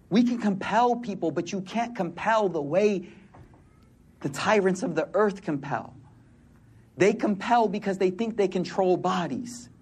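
A man's voice: high-pitched, lively intonation, a little slow, pauses often, darkish tone, a little hiss or hum. A man in his forties preaching a sermon in casual street slang, telling stories and acting out the people in them. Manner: casual street slang, storytelling with quoted voices.

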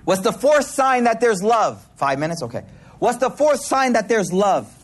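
A man's voice: high voice, big pitch swings, normal speed. A man preaching a sermon to a congregation in a hall, talking in a casual, slangy way with playful asides.

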